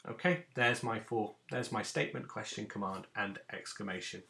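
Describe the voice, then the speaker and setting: A man's voice: lowish voice, moderate pace, gravelly, sharp tone. A man teaching a recorded phonics lesson to young children, patiently sounding out letters and words. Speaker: primary school teacher. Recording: echoey room.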